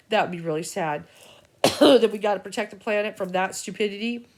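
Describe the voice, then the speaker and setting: A middle-aged woman talks straight to camera as an intuitive reader. Her voice sits at an ordinary middle pitch. She jumps from thought to thought with cursing and exasperated asides. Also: a little fast. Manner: agitated, profane, stream-of-consciousness. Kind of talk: rambling spiritual vlog rant.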